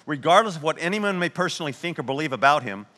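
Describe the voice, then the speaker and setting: A male pastor delivers an earnest sermon, telling stories and drawing out words for emphasis. His voice is bright and sits a little high for a man. It rings with the long reverb of a church sanctuary. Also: animated. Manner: earnest storytelling preaching, slows down for emphasis.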